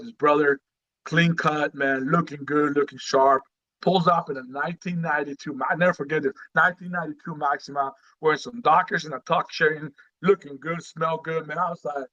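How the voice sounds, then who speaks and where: Casual, animated storytelling man. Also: fairly high pitch, normal speed, lo-fi sound. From Guatemala. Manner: animated, street-casual storyteller, acts out quotes, many "you know"s. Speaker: guest, retired Marine sergeant major. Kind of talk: casual storytelling in a podcast interview.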